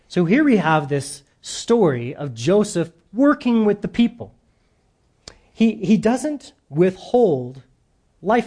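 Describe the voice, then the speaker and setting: A man delivers a sermon as a pastor. His voice is mellow and somewhat high, and he turns animated before letting key phrases fall soft and low. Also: husky. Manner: animated, drops to soft emphasis at phrase ends.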